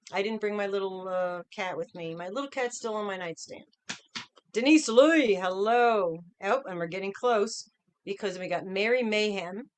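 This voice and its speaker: Chatty woman greeting livestream viewers. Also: mid-range voice. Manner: chatty, upbeat, greeting names one after another. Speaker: livestream host.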